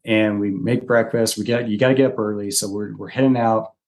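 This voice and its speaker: A man's voice: fairly low pitch, brisk. A man in his forties, a podcast guest, telling a story in casual conversation and acting out the quotes. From Utah. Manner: animated, chatty storyteller who acts out quotes.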